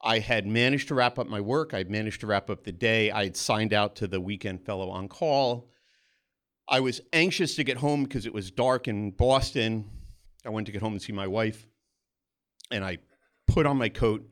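A man's voice: on the low side, normal speed. A man telling a first-person story on stage in a conversational way, with small restarts, acting out the other people he quotes. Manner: animated, acts out the voices of others in his story. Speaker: storyteller, pediatric oncologist.

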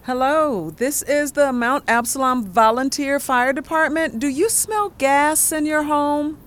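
A woman's voice: high voice, unhurried, fairly bright tone, slight background noise. A woman voicing an anxious, protective adult woman who talks bluntly and snaps when upset. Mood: polite.

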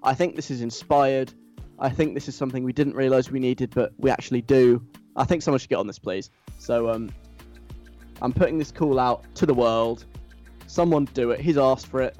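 A man hosting a casual radio show, rambling and self-deprecating, sometimes mimicking loud chanting. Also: mid-range voice. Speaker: radio host.

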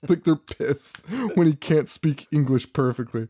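Co-hosting a podcast, a man with a mid-range voice at normal speed casually recaps a movie. His animated retelling is full of swearing and laughter.

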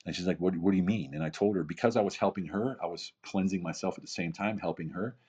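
A man in his fifties with a very deep, husky voice talks casually but emphatically as a podcast guest. He hammers points home with rhetorical questions and repetition. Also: fast, a little mellow. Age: 50s. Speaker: podcast guest, keynote speaker and author. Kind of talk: casual motivational talk.

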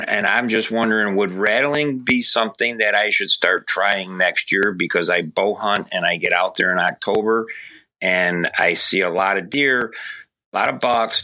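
A man's voice: lowish voice, sharp tone. A man with a New York accent, from upstate New York, leaving an effusive, friendly voicemail question for a hunting show. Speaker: listener calling in.

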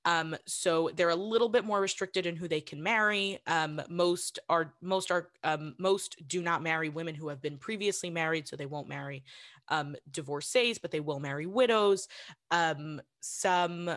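A woman's voice: lowish voice, moderate pace, a bit bright. A woman hosting a casual interview chat, who asks questions and explains things loosely with many "um"s and "like"s.

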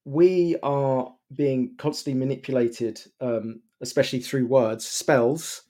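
A man's voice: medium pitch, fairly even intonation, slow pace, dark tone. A man, a guest on a podcast, explaining his ideas earnestly and piling up example after example. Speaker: guest author. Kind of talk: podcast conversation.

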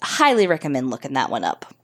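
A woman's voice: very deep voice, wildly swooping pitch, fast talker, a bit bright. A woman co-hosting a podcast in casual, emphatic chat, swearing freely. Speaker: podcast co-host.

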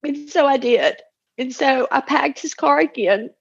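A woman's voice: high voice, unhurried, creaky. A woman in her forties, a mother, telling an emotional personal testimony in an earnest, tumbling way, acting out the voices she quotes. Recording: dull lo-fi recording.

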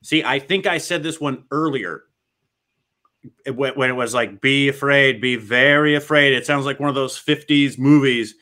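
A man's voice: mid-range voice, moderate pace, fairly bright tone. A man co-hosting an online show, chatting casually and answering trivia, with a hesitant and friendly way of talking. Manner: hesitant, lots of restarts, friendly. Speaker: co-host.

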